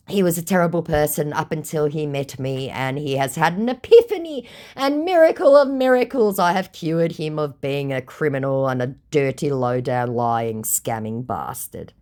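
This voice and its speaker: A woman's voice: sits low, lively intonation, a little slow, a little mellow. A woman telling the story of a scam chat in a scornful, sarcastic way. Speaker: vlogger retelling a scam chat.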